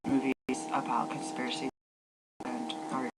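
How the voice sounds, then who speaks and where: Woman vlogger, very low pitch, rambling and half-whispered, loud noisy recording. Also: little pitch movement, moderate pace. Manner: rambling, frequent whispered asides. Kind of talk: rambling personal vlog. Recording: loud background noise and hum.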